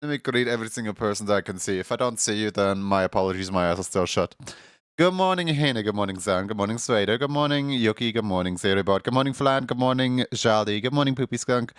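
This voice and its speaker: A man's voice: on the low side, quick pace, clear, resonant tone, no room sound, clean studio sound. A man streaming right after waking up, talking in a groggy morning voice, rambling casually with many fillers and frequent laughs.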